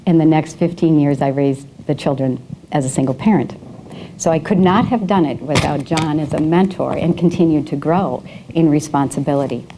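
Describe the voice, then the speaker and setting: Low, mellow-voiced woman telling stories. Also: normal speed, slight background noise, poor audio. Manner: storytelling with frequent fillers and restarts; laughs at her own anecdotes. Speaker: guest speaker. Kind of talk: leadership talk at a breakfast event. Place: event room.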